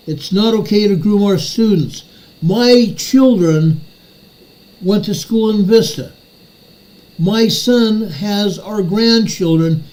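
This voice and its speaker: Older male host, slow and angry ranter, slightly high voice, repeats lines for emphasis. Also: mellow, low-quality recording. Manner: furious, repeats phrases for emphasis. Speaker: show host. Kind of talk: ranting commentary monologue.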